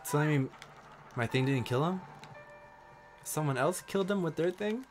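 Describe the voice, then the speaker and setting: A man streaming a shooter match, his pitch jumping around as he trash-talks and swears at other players. Game music plays clearly behind his voice. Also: animated, normal speed. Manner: loud, swearing, trash-talking outbursts. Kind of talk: gameplay commentary.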